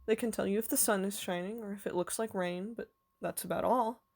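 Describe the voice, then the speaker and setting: A woman teacher reading a children's novel aloud to her class, her delivery clear and even. Her voice sits at an ordinary middle pitch. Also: brisk.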